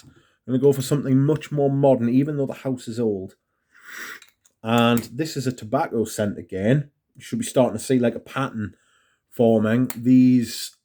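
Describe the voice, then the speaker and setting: A man's voice: medium pitch, darkish tone. A man chatting casually as he reviews perfumes, rambling and self-mocking. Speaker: fragrance reviewer.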